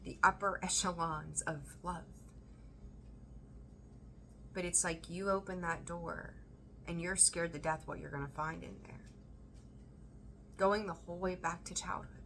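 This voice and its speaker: A woman reading tarot for her viewers, emphatic and animated, repeating phrases for emphasis and swearing now and then. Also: lowish voice, unhurried, creaky, long pauses, a little hiss or hum. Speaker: tarot reader. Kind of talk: intuitive tarot reading to camera.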